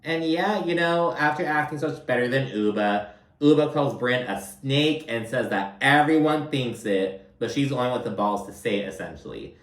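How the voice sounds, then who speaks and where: A man's voice: medium pitch, moderate pace, a bit bright, far from the mic. Blunt, profane man recapping reality TV. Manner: blunt, profane, filler-heavy chatter. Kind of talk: casual recap commentary. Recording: roomy, from off-mic.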